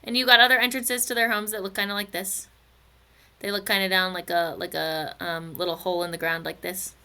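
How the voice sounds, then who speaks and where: A woman's voice: mid-range voice, level tone, a little fast, bright, forceful tone, clear, resonant tone. A woman teaching a recorded physics lesson, chatty and playful, slipping into silly stories and asides.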